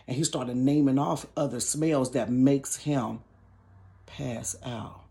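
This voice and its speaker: A man telling a casual storytime tale from his bedroom, chatty and animated, filling gaps with "da, da, da" and dropping into whispers. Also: mid-range voice, unhurried, gravelly.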